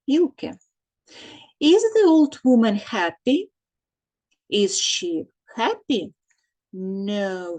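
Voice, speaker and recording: An English teacher, a woman with a lowish voice, speaks slowly in a recorded English lesson for children. She is repetitive, dictating answers and translating into Ukrainian, and the audio quality is poor.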